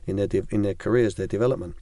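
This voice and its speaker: A man's voice: fairly low pitch, steady tone, racing, warm tone, no room sound. An older man, a former football academy director, telling rambling anecdotes in a studio interview with many ums and restarts.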